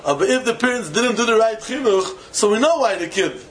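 A man, a rabbi, giving a Torah lecture in English full of Yiddish and Hebrew terms, with non-native phrasing, slowing to chant key phrases and breaking into sudden high exclamations. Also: lively intonation, fairly bright tone, slight background noise, rough recording. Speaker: rabbi teaching students. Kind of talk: Torah lecture to young men.

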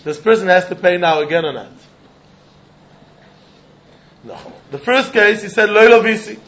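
A man with a high-pitched, bright, forceful voice teaches a Talmud lesson in English, speaking briskly and expressively and scattering Yiddish and Hebrew terms throughout. He acts out both sides of a legal case in quoted voices, Talmudic-lecture style, and the recording is dull and lo-fi.

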